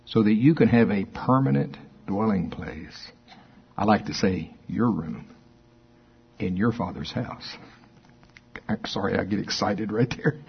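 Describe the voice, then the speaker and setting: Husky-voiced preacher man, lo-fi recording. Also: fairly low pitch. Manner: excitable, laughs often, reads scripture slowly. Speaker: pastor. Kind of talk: sermon. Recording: dull lo-fi recording.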